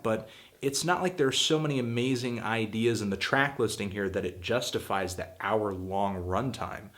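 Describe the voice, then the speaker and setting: A man hosting his own show, giving a casual spoken album review, blunt and full of hedging fillers, getting emphatic and exasperated at times. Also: mid-range voice. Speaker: music critic and show host.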